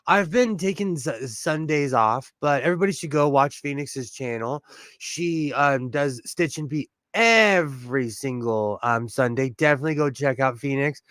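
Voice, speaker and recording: A man's voice: mid-range voice, expressive, moderate pace, a bit bright, dry recording. A man hosting a sewing livestream from home in a chatty, self-mocking way and laughing often. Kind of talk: casual live stream chat.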